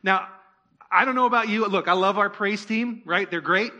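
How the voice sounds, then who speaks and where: A male pastor delivering a sermon in a church, his voice pitched high and bright. He keeps it conversational, firing rhetorical questions at the congregation and tossing in playful asides. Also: moderate pace.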